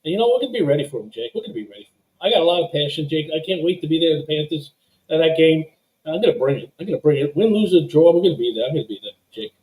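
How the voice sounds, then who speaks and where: A fired-up man calls into a sports show over a video call, venting with raw emotion. His voice runs high, and his pitch leaps up and down as he talks. He sounds heated, pushing his points hard. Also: big pitch swings, rapid-fire, darkish tone, poor audio. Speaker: caller. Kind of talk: excited call-in rant.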